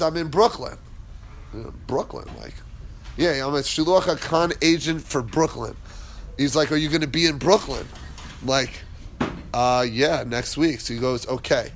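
Chatty, slightly high-voiced male Torah teacher. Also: a little hiss or hum. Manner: chatty, digressive, laughs while telling stories. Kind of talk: casual Torah class with storytelling.

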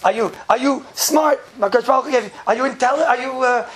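A man's voice: extremely high pitch, quick pace, slight background noise. A man giving an informal class full of jokes and rhetorical questions, chuckling often. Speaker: yeshiva teacher giving a class.

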